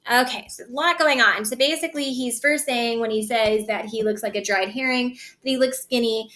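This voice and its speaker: Woman teacher, fairly high and bright, casual explainer with lots of ums. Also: normal speed. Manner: casual explaining with many fillers, reads the lines with more lift. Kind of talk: reading a play aloud and explaining it.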